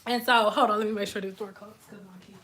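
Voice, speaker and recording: A young woman hair stylist casually telling a story to her viewers in an animated, chatty, slangy way. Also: mid-range voice, quick pace, a little hiss or hum. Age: young adult.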